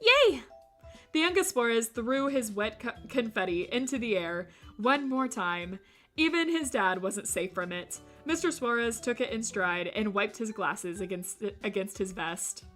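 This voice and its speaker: A woman streamer reading a visual novel aloud, breaking off for animated, jokey commentary. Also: mid-range voice, normal speed, soft background music. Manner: animated, jokey asides with laughter.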